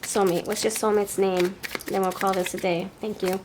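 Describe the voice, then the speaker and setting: New york lady doing a tarot pick a card reading, chatty, mid pitch, little bit of background hiss. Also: level tone, normal speed. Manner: chatty, thinks aloud, laughs often. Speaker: tarot reader.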